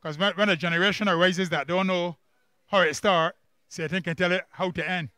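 Barbadian male Bible teacher, high crisp voice, drills the class with questions, dry close sound. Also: steady tone, bright, forceful tone, dry recording. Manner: quizzes the class with quick questions and emphatic repeats. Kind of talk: church camp workbook lesson. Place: camp classroom.

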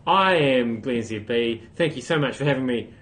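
A man hosting a solo comic livestream, with wry deadpan asides and sudden loud outbursts. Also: mid-range voice, normal speed. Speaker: host. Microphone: phone camera.

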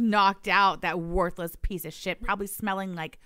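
A woman's voice: medium pitch, fairly even intonation, moderate pace, bright, forceful tone, clean tone, no echo. A woman co-hosting a podcast, bluntly recapping a clip in casual, profane commentary. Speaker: podcast co-host.

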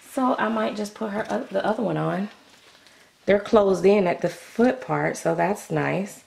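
A woman's voice: medium pitch, creaky, darkish tone, reverberant. A middle-aged woman chatting casually to camera at home as a doll-collecting vlogger. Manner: chatty, talks to the viewers.

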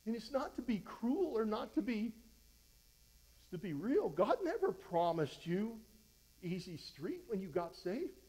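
High-voiced fervent male pastor preaching. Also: big pitch swings, a little slow, darkish tone, husky, poor audio. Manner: fervent, exhorting, voice rises when fired up; conversational, frequent restarts. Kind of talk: verse-by-verse sermon.

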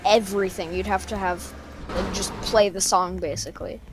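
A woman playing a game with a friend, chatting and teasing in a relaxed way. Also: mid-range voice, normal speed, over music. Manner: playful, teasing, hums along. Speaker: co-player. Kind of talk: casual gameplay chat.

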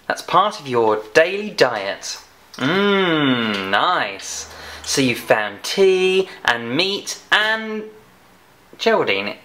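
A woman's voice: low-pitched, fairly bright tone. A woman presenting a children's phonics lesson. She chats playfully and teasingly with a puppet. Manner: chatty, teasing teacher talking to a puppet.

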